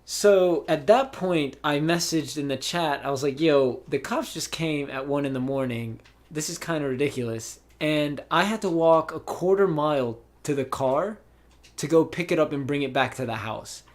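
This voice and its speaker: A man's voice: on the high side, moderate pace. Rambling young man telling a story. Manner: rambling, with many fillers and restarts. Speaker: podcast host. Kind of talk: casual storytelling chat. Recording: voice call.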